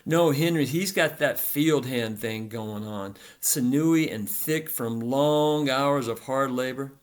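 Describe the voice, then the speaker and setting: A man narrating a literary story in a rhythmic, repetitive, deliberate delivery. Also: mid-range voice.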